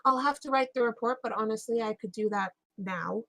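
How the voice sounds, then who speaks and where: Woman player, higher voice, hesitant in-character delivery, dry close sound. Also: fairly quick, fairly bright tone, no echo. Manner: hesitant, many fillers and restarts. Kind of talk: in-character tabletop role-play.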